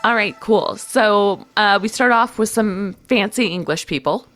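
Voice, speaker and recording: A woman's voice: mid-range voice, unhurried, a bit bright, soft background music. A woman co-hosting a podcast in casual chat, a little congested, reacting with enthusiastic gasps and exclamations. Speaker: podcast co-host.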